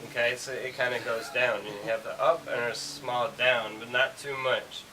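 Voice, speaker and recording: A man's voice: medium pitch, steady tone, moderate pace, a crowd in the background. A man teaching English, explaining in a casual, rambling way with lots of fillers. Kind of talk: explaining a language lesson. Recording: hissy recording from far off.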